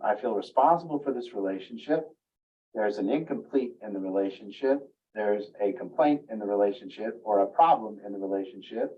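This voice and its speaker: A family recovery coach gives a teaching talk to parents about relationships, speaking earnestly and voicing a parent's inner thoughts in a raised pitch. He's recorded from a distance, and the sound is lo-fi.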